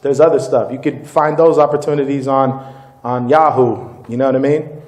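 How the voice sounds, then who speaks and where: A man, a company CEO, giving a live product demo and sales pitch to a room of distributors, upbeat and informal, often calling them "guys.". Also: fairly even intonation, normal speed, a little mellow, roomy sound. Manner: upbeat, informal, keeps addressing the crowd as "guys". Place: meeting room with live audience.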